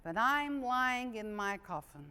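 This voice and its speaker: A woman voicing a wry older male rabbi who speaks slowly and drily. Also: a little high, animated, sharp tone, clear, resonant tone, full character voice. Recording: long hall reverb, live stage.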